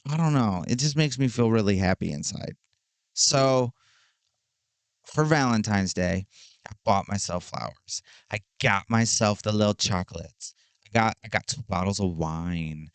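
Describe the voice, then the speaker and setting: Sassy guy in his 30s doing a solo podcast, takes his time, smooth clear voice, super dry close sound. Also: lowish voice, no room sound. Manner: slow, drawn-out and self-affirming, with sassy slang and swearing. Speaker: podcast host. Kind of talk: casual solo podcast monologue.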